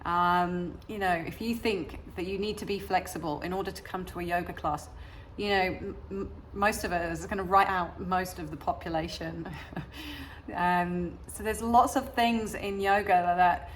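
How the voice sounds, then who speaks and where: English woman, yoga teacher, lowish voice, chatty and hesitant, faint background noise. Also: fairly even intonation, normal speed. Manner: hesitant, many fillers and restarts. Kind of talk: casual talking-head chat.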